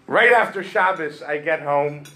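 A middle-aged man, a rabbi, telling a funny story in an animated way as he opens a sermon. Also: fairly high pitch, a little slow, rough recording. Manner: humorous, animated storytelling with rising emphasis. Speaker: rabbi giving a drasha.

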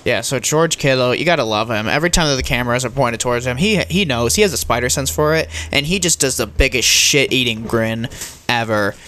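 A young man co-hosting a casual sports podcast, excitable and swearing freely. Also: brisk, a little hiss or hum. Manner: excitable, swears a lot, pitch jumps. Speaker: podcast co-host.

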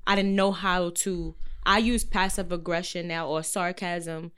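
A woman's voice: fairly low pitch, little pitch movement, unhurried, a bit bright, smooth. Candid woman chatting casually. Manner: candid, confiding. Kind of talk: casual chat.

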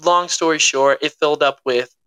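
A young man co-hosting a podcast, retelling events in a dramatic, animated way. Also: on the high side, normal speed, crowd noise. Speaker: podcast co-host. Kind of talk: casual chat.

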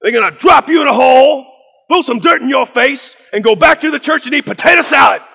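A man voicing a fiery preacher who shouts at a room of children in an emphatic, repetitive sermon style. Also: expressive, brisk, creaky, big-room sound, exaggerated voice. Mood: thundering. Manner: booming, emphatic, repeats phrases.

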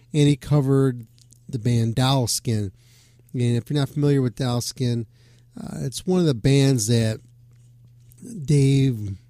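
A man's voice: mid-range voice, warm tone, no room sound. A man hosting a rock radio show, talking casually with loose jokes and swearing. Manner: loose, swearing, joking asides. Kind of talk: casual rambling radio talk.

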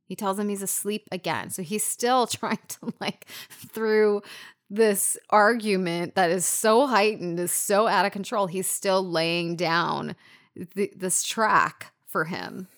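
Animated woman swapping film talk. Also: mid-range voice, takes it slowly. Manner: animated, swearing, acts out scenes. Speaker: podcast co-host. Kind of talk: casual film discussion.

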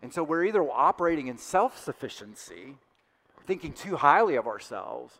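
A male pastor with a fairly high voice delivers a fervent sermon, his speech rising to loud emphatic peaks and then falling to quiet, intimate asides. A long, echoing reverb trails each phrase, as if he is heard through a church sanctuary. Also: very animated, normal speed, creaky. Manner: impassioned preaching, swelling louder and dropping to hushed asides.

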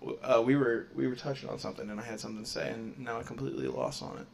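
A man's voice: mid-range voice, steady tone, very fast, vocal fry, a crowd in the background. A man co-hosting a podcast in casual banter, rambling, laughing often and making crude jokes. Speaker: podcast co-host.

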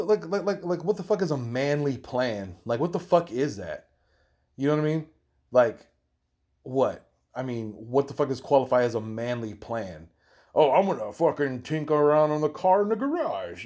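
A young man ranting hotly and profanely, stumbling over repeated words and jumping up in pitch when he gets worked up. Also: darkish tone. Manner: heated, swearing, repeating himself, rising pitch when worked up.

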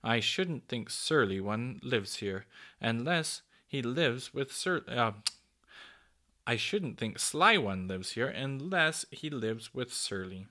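A man's voice: medium pitch, very animated, takes it slowly, bright, forceful tone, heavily acted. A man voicing a bold, easily cross young boy in a storybook reading, close to his own voice. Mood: plain. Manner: plain, slightly gloomy delivery.

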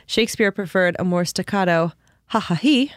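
A woman's voice: lowish voice, normal speed, no room sound, studio quality. A woman co-hosting a casual chat, reading from an article and acting out the quotes with giggles. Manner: reads article aloud, giggly, animated quoting. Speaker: podcast co-host.

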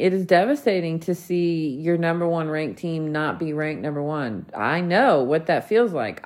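A woman's voice: fairly low pitch, a little mellow. Heated profane woman podcaster. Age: 40s. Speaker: podcast host. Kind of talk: solo podcast rant.

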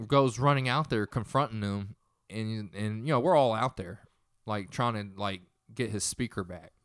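A man's voice: fairly low pitch, normal speed, clear, resonant tone, no echo, clean studio sound. A young man casually retelling a tense story in a profane, rambling way.

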